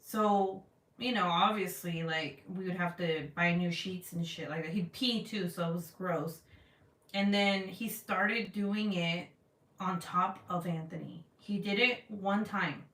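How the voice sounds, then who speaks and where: A woman's voice: fairly low pitch, unhurried, fairly bright tone. A woman vlogger in her thirties chatting casually and bluntly, swearing freely as she tells a story. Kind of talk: casual chat to camera. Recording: roomy, from a distance.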